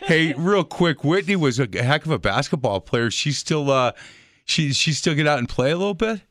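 A man's voice: a little high, normal speed, no room sound, clean studio sound. An older man co-hosting a talk show, ribbing his guests playfully in joking banter. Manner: playful ribbing, animated storytelling. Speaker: co-host.

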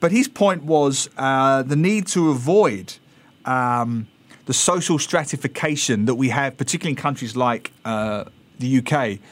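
A man's voice: mid-range voice, lively intonation, moderate pace. A man from East London with an Essex estuary English accent, chatting as a guest columnist on a radio show with wry, opinionated asides. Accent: Essex (Thames estuary) English. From England, East London. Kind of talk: radio talk chat.

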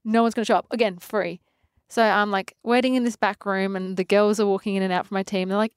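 Aussie woman in her 20s, chatty and animated, keeps laughing through her stories, dry close sound. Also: medium pitch, fast, smooth, dry recording. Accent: Australian. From Australia (Adelaide). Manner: lively storytelling, acts out quotes, laughs often. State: pregnant. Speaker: guest, fitness trainer. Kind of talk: casual interview.

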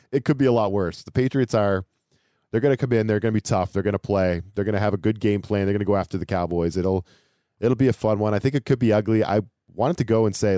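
Dark-voiced animated sports podcast man. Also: lowish voice, no echo, studio quality. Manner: animated, repetitive, laughing asides. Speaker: podcast co-host. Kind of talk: casual sports chat.

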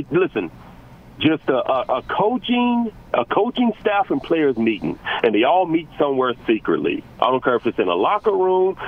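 A man calling into a sports radio show, ranting excitably and stumbling over repeated words. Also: fairly high pitch, narrow, tinny audio. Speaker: caller.

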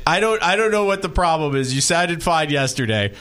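A man's voice: on the high side, expressive, fairly quick, a bit bright, clear, resonant tone. A man hosting a sports radio show, telling stories in a chatty way and laughing easily. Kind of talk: casual radio talk, storytelling.

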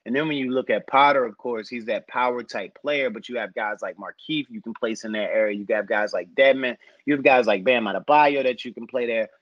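A man talking basketball in a relaxed, rambling conversational way, musing over players and roster fits. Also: medium pitch, brisk, few pauses, dry recording, muffled recording. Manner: thoughtful, rambling with fillers. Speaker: basketball podcast analyst. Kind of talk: casual sports discussion.

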